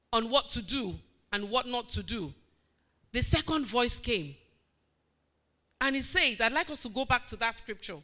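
Her voice is a little high, bright and forceful as she preaches. The sermon is emphatic and repetitive, built on call-and-response: she questions the congregation and then answers.

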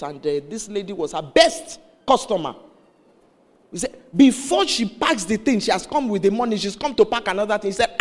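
A man preaches a sermon, his voice pitched high and swinging widely as he tells the story. He acts out the people in the story as he goes. Long reverb from the hall hangs behind him.

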